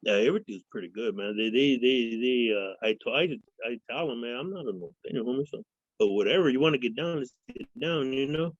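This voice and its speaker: A man's voice: mid-range voice, brisk, no echo. A man from Fresno, a guest in a casual interview, telling rambling profane stories and acting out other people's voices. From Fresno, California. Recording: dull lo-fi sound.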